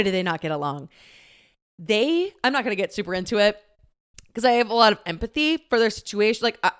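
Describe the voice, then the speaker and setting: A young woman hosting a podcast, chatting candidly about her own life in a lively, laughing way with casual swearing. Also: mid-range voice, clear, resonant tone. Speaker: podcast host. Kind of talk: candid personal storytelling.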